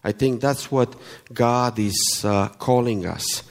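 A man from Romania with a Romanian accent, preaching to a congregation in an unhurried, halting way with friendly asides. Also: on the low side, in a large hall. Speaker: guest preacher. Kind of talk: sermon.

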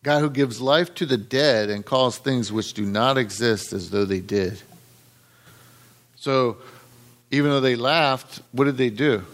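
A man's voice: medium pitch, a little slow. A middle-aged man preaching a conversational sermon, often repeating words and quoting scripture. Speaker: pastor.

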